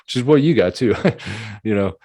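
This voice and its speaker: A man hosting a conversation, telling his own story in a candid, chatty way, with laughs and throat-clearing. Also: fairly low pitch, animated, normal speed, warm tone, dry recording. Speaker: podcast host.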